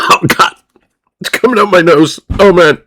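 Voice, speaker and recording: A man's voice: sits high, a bit bright. A man livestreaming in a crude, rambling, profane way, often laughing at himself. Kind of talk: crude casual stream chatter.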